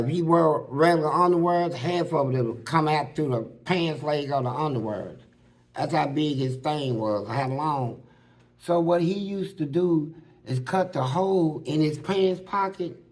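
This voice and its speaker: A man casually telling stories from prison, animated and full of street slang, acting out what other people said. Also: a little high. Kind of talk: casual storytelling.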